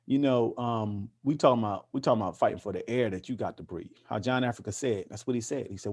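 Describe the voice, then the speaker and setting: A man's voice: on the low side, fast talker, few pauses, darkish tone. A man being interviewed, talking with passion and emphasis, often repeating words as he builds a point. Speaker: interview guest, activist. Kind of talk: casual interview conversation.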